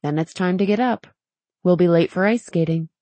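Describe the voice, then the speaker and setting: A woman's voice: fairly low pitch, moderate pace, warm tone, no echo, lightly acted. A woman voicing a playful teenage girl who coaxes and teases sweetly. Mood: teasing. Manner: coaxing, sweet.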